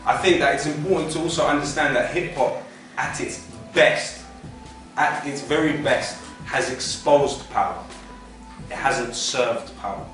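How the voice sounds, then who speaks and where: A man's voice: mid-range voice, measured pace, a bit bright. Young British male activist, impassioned speaker, distant and roomy with faint music behind. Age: young adult. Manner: passionate rhetorical questioning. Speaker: rapper and activist. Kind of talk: public talk. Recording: echoey room, far from mic, faint music.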